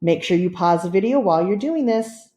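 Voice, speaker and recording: A woman teacher giving a slow, patient, step-by-step spelling lesson, repeating each instruction carefully. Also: medium pitch, lively intonation, warm tone. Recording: roomy echo.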